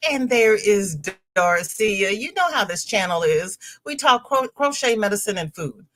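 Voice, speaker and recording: A woman's voice: mid-range voice, lively intonation, measured pace, hardly any pauses, a bit bright. A middle-aged woman hosting a live stream, chatting casually and rambling between greetings to viewers by name. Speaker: livestream host.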